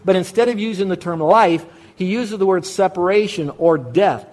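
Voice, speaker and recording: A male pastor preaches in a voice set a little higher than most men's. He drives his points home with repetition. He poses questions and then answers them himself. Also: normal speed, a little mellow. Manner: emphatic, repeats key words, asks and answers his own questions. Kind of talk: sermon.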